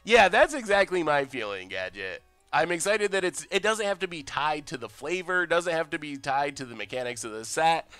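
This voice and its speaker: An excitable young man chats over his card game stream, his pitch bouncing a lot. His voice is smooth and clear, recorded close and dry. Faint music plays behind him. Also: normal speed, few pauses, no room sound. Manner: excitable, chatty, reads chat aloud. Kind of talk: casual game stream commentary.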